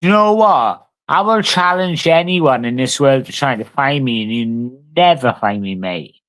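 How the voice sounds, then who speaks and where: A man's voice: medium pitch, animated, a little slow, fairly bright tone. A man, talking casually and swearing a lot as he answers a live stream chat. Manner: brash, sweary, talks back to chat. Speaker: livestreamer.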